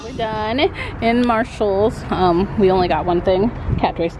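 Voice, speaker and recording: A woman's voice: medium pitch, unhurried, music in the background, rough recording. A woman chatting casually in a family vlog, often laughing and talking to her dog. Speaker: vlogger mother.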